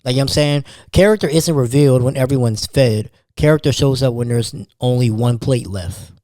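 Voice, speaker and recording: Podcast host, young man, tired, slangy casual delivery, mellow dark tone, dry close sound. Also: mid-range voice, a little fast, no room sound. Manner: street slang, loose and conversational. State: tired, yawning. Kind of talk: casual monologue.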